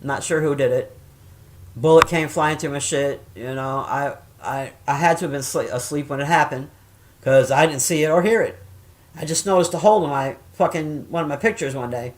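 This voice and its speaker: A middle-aged woman chatting casually and telling stories, swearing often and jumping loud when she acts out quoted voices. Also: deep voice, normal speed. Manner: profane, animated, acts out quoted voices loudly. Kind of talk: casual storytelling chat.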